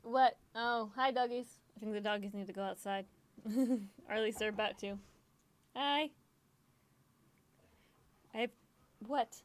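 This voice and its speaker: A woman's voice: medium pitch, steady tone, moderate pace. A woman gaming streamer in casual chat, rambling, swearing often and laughing easily, self-deprecating and emotional.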